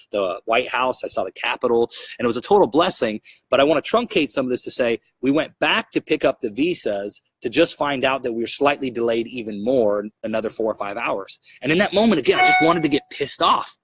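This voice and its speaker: A young adult man hosting a podcast, telling a travel story in a casual, animated way and acting out his own frustrated outbursts. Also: medium pitch, slightly rough, no room sound. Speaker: podcast host.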